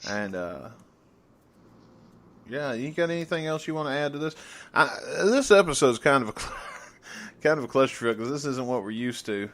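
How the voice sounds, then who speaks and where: A man's voice: medium pitch, lively intonation, normal speed, fairly bright tone. A man from the southern United States co-hosts a podcast in a mid-range voice. He chats loosely and laughs a lot. He often stumbles and repeats words as he talks. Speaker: podcast co-host. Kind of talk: casual chat.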